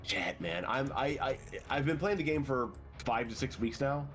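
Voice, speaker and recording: A man of middling pitch chats casually with a fellow streamer, tripping over and repeating words as he goes. Faint music sits behind his voice. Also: lively intonation, moderate pace, fairly bright tone. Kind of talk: casual gaming stream chat.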